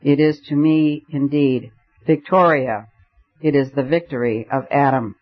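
A man's voice: mid-range voice, steady tone, unhurried, natural voice. A man reading the part of a passionate, argumentative young male poet, declaiming his points fervently. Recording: dull lo-fi recording.

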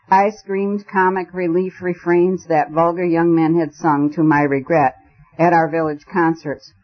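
Man narrating an audiobook. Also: on the high side. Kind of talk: first-person audiobook narration. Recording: dull lo-fi recording.

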